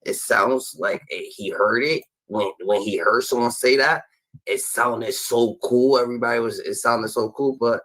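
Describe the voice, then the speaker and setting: A man's voice: medium pitch, unhurried, a bit bright, rough recording. A man giving casual reaction commentary, rambling and filling gaps with repeated "da, da, da" and stammered starts.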